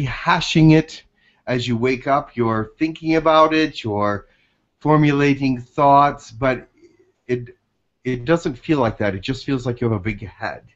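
A man speaks as a gentle telepath from the space colonies during a channeling webinar. He talks very slowly and reassuringly, restarting his phrases often. The sound is dull and lo-fi. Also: medium pitch. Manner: slow, hesitant, soothing, with many restarts.

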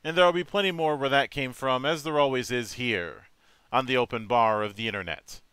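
A man's voice: mid-range voice, brisk, pushed and bright, smooth, dry recording. A man hosting a casual online interview, jovial and theatrical, laughing often. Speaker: host.

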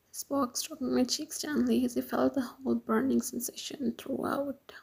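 A woman reading a romance story aloud in first person, in a whispered role-play with a breathy, hushed voice. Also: high-pitched, flat delivery, unhurried, poor audio. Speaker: fan fiction reader.

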